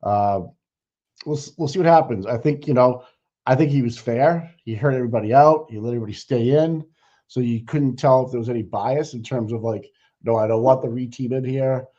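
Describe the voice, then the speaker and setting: Man, Boston accent, livestream co-host, casual rambling commentary, opinionated, mid-pitched voice, muffled lo-fi audio. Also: a little fast, mellow. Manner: rambling, opinionated, laughs often, trails off with fillers. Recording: dull lo-fi stream audio.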